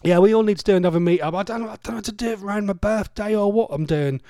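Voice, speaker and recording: A man's voice: high-pitched, rapid-fire, dark tone, no echo. A middle-aged man hosting a radio show in casual, rambling, jokey chat. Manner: rambling, chatty, loose and jokey. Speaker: radio host.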